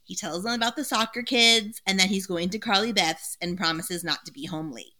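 A woman co-hosting a podcast, retelling a book's plot in a casual, animated way with frequent laughter. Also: mid-range voice, brisk. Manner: animated storytelling, laughs often. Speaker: podcast co-host. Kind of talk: casual book recap with chat.

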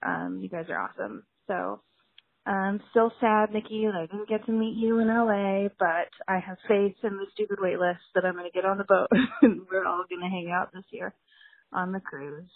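A woman's voice: mid-range voice, steady tone, normal speed, vocal fry, husky, no echo. Casting: woman caller, chatty and rambling, thin telephone sound. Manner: chatty, lots of ums. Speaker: caller leaving a voicemail. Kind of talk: casual chat. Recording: tinny phone line.

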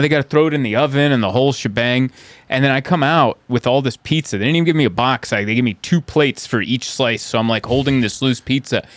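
A man spins road stories in easy chat, his voice sitting at a middle pitch. The sound is dry and close, with no room around it. He jumps into high, squeaky voices to act out the people he meets. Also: no room sound. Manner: animated, acts out characters in high voices. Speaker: stand-up comedian, podcast host. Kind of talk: casual storytelling chat.

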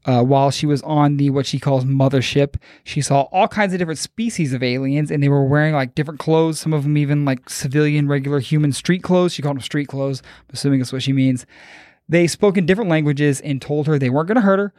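A man's voice: fairly high pitch, fast, darkish tone, dry recording, clean studio sound. A man hosting a podcast, retelling a story in loose, profane, joking chat. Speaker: podcast host.

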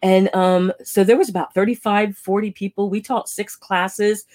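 A woman co-hosting a podcast in casual chat, animated and laughing often. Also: mid-range voice, moderate pace. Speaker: podcast co-host.

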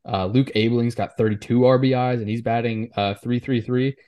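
A man co-hosting a high school sports podcast, chatting casually and often restarting his sentences. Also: steady tone, warm tone. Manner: halting, with many restarts and repeated words.

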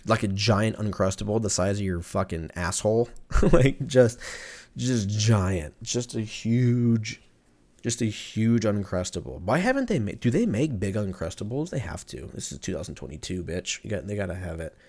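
A man's voice: fairly low pitch, moderate pace. Profane joking young man on a podcast. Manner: profane, joking, animated, laughs often. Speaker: podcast host. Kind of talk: casual solo podcast rant.

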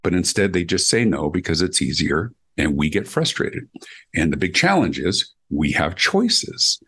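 Middle-aged man, deep husky voice, animated interview guest acting out dialogue. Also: measured pace. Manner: acts out quoted dialogue with big pitch jumps. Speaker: guest speaker and consultant.

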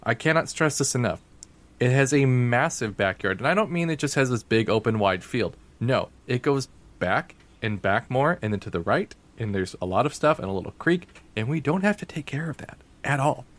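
A man in an average pitch tells stories loosely as a podcast co-host. He leans on filler words and restarts, talking over a voice call from home. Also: expressive, moderate pace, a bit bright. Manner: rambling, heavy use of "like". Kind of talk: casual chat.

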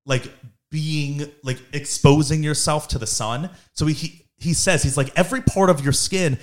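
Rambling man with a higher voice. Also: fairly even intonation, moderate pace. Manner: rambling, restarts often, laughs while telling. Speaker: podcast host. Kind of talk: casual comedic chat.

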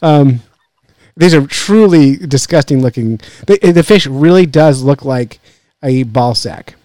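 A man's voice: medium pitch, lively intonation, unhurried, warm tone, no echo. A man hosting a fishing podcast, chatting casually in a joking, rambling way and laughing often. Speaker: podcast host. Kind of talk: casual chat.

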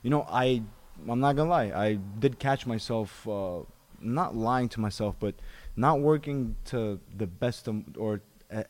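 A man's voice: on the low side, a little mellow. A man, a professional fighter, talking reflectively in a podcast chat, with many restarts and repeated phrases.

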